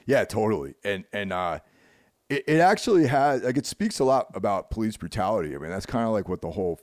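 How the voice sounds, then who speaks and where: A man's voice: lowish voice, sing-song, fairly quick, dry recording, studio quality. A man co-hosting a podcast in casual chat, rambling with many "like"s and "you know"s. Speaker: podcast co-host.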